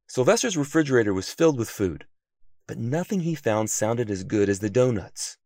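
A man narrating a children's story in an expressive, animated reading voice. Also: mid-range voice, moderate pace, dry recording, clean studio sound.

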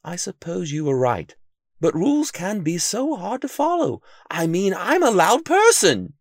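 A man voicing a loud, impulsive male detective who exclaims and stammers dramatically. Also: high voice, big pitch swings, a little slow, no room sound, clean studio sound, pitched above the performer's own voice, exaggerated voice. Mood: eager.

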